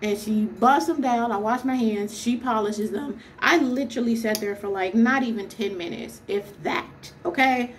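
A woman's voice: on the high side, normal speed, hardly any pauses, slight background noise. A young woman vlogger telling a story as a casual rant, exasperated and emphatic, firing off rhetorical questions.

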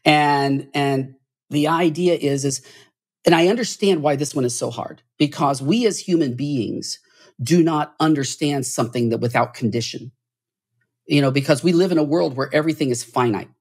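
A man speaking as a guest on a podcast, earnest and preachy, stumbling through restarts and rising in pitch when moved. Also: normal speed, darkish tone, breathy edge. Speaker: podcast guest, church author. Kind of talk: podcast interview.

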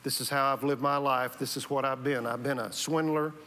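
A male pastor acting out a remorseful man who slowly admits in a hushed voice that he has been a cheat, in a reverberant church hall. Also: mid-range voice, fairly even intonation, slight background noise, lightly acted. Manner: hushed, slow, self-reproaching. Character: remorseful man confessing his scheming past.

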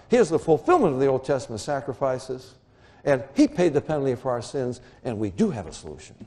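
A man preaching a Bible teaching sermon in an animated way, often rising to excited high exclamations. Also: normal speed.

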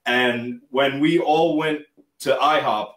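A man's voice: medium pitch, steady tone, slow, a bit bright, echoey room, recorded from a distance. A man, a guest from a band, recounting a story in a casual, rambling way and laughing as he goes.

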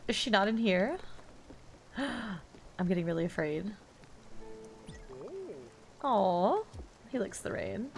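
A woman's voice: medium pitch, expressive, takes it slowly, pauses often, faint music behind. A young woman chatting casually as she plays a video game, fretting aloud and humming along. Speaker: let's play streamer. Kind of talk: casual gameplay commentary.

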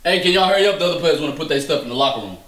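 A man playing a cocky male basketball star who yells at and mocks his teammates in a comedy sketch. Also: a little high, animated, very fast, a little hiss or hum. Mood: angry. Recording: echoey room.

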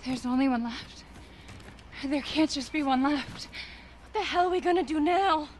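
An actress voices a frightened young wife in a horror game, panicked and disbelieving. Her voice is high and carries a faint hiss as game audio. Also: moderate pace, lightly acted.

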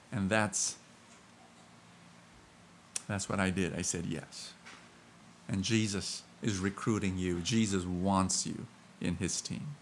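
A Filipino man preaching a sermon, shifting from hushed and slow to loud and excited, with self-mocking humor. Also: low voice, slight background noise. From Philippines.

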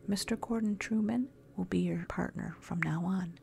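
A woman's voice: lowish voice, moderate pace, creaky, dark tone, a little hiss or hum. A woman voicing an eccentric, enthusiastic male agency boss in a whispered role-play. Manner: enthusiastic, briefly menacing.

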